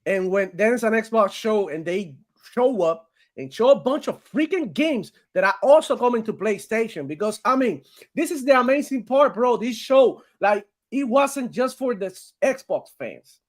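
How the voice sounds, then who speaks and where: A man hosting a live gaming stream, talking in a casual, animated way, laughing often, swearing and calling people bro. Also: sits high, normal speed.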